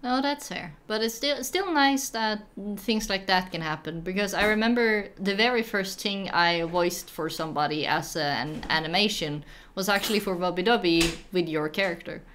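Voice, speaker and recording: A young woman whose first language is Norwegian hosts a relaxed live stream, chatting in a playful, giggly way. She often stops, restarts and fills gaps with little sounds. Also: mid-range voice, slight background noise. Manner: giggly, playful, halting with fillers. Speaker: stream host. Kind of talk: casual chat.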